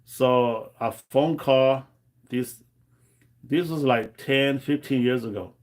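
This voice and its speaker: Male livestream host. Unhurried, rambling delivery, medium pitch. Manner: rambling storytelling with many fillers. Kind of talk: casual livestream chat.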